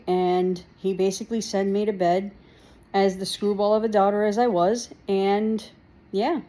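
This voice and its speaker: Laughing woman telling a story, roomy echo. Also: medium pitch. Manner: laughing through her words, animated, swearing. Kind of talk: casual comic storytelling. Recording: roomy echo with faint music.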